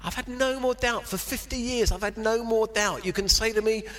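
A man in his sixties preaching a sermon with personal testimony, mixing self-deprecating asides with bursts of excitement. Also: high voice, normal speed. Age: 60s.

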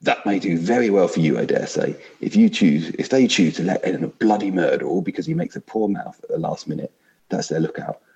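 A man's voice: low voice, sing-song, brisk, creaky, a little mellow, highs cut off, full character voice. A man reading aloud and voicing a big, aggrieved male ghost who insists on his rights. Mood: resentful. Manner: indignant, complaining.

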